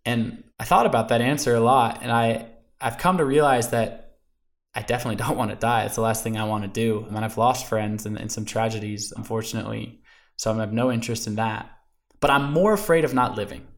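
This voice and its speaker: A man talking as a podcast guest, telling personal stories in an earnest, animated way and often saying "you know" and "like.". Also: mid-range voice, a little fast. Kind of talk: conversational storytelling interview.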